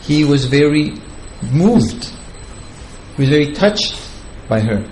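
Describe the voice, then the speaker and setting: A man's voice: fairly high pitch, sing-song, takes it slowly, a little mellow, a little hiss or hum, rough recording. A man giving a devotional lecture, retelling scripture in a chatty, digressive way and chuckling at his own asides. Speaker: spiritual teacher.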